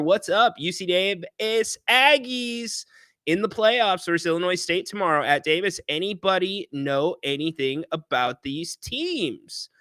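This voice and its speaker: Bright-voiced animated sports talk host man. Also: on the high side, clean tone, no room sound, clean studio sound. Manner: animated, chatty, reads viewer chat aloud. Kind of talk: casual sports talk livestream.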